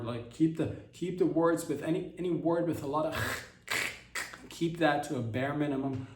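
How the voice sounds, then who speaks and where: A man's voice: medium pitch, dark tone, slight background noise. A man hosting a comedy podcast in a rambling, provocative monologue, often cutting himself off and restarting. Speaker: podcast host. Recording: roomy echo.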